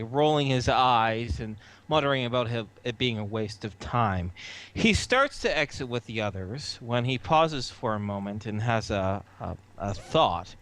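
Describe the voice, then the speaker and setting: A man's voice: medium pitch, a bit bright, clear, resonant tone. Man describing his character's moves. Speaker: player. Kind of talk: casual tabletop play.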